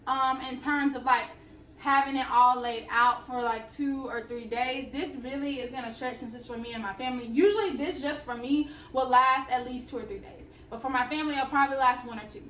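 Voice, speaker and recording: Young woman, Southern accent, high voice, playful and chatty, cooking vlog, roomy kitchen. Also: brisk, a bit bright, far from the mic, slight background noise. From Alabama. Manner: chatty, playful, talks straight to viewers. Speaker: fitness and cooking vlogger. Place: home kitchen. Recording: roomy kitchen audio, mic set back.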